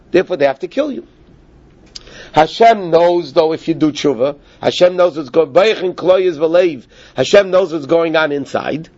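Husky animated man explaining Talmud. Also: high-pitched. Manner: animated, acts out quoted speakers. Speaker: Torah teacher. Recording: dull lo-fi recording.

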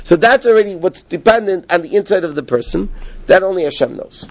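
A high-voiced, husky man explains Talmud with animated delivery and acts out the voices of the people he quotes. The recording is dull and lo-fi. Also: brisk. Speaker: Torah teacher.

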